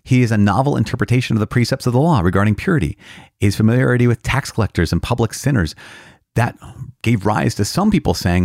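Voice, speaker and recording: A man's voice: mid-range voice, expressive, fast, darkish tone, dry recording, clean studio sound. A male priest explaining a catechism passage in an earnest, conversational way, stressing key words and often repeating himself. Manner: earnest, emphatic, repeats himself, occasional laughs. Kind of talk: conversational teaching on a catechism reading.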